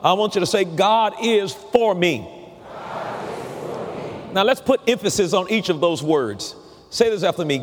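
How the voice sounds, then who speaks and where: Pastor guy preaching slow, leans on every word, big echoey church hall. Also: high-pitched, lively intonation, noisy background. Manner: slow, emphatic preaching with repeated call-and-response phrases. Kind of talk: sermon.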